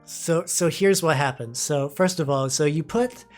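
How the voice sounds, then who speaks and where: A man narrating a tabletop game as game master, laid-back and profane, stumbling over quick restarts. Faint music plays behind him. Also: a little high.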